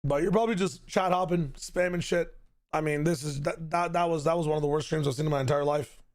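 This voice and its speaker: Hoarse high-voiced man ranting. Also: steady tone, fast talker, a little mellow. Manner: ranting, profane, emphatic. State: hoarse, voice gone. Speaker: streamer. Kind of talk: casual stream commentary.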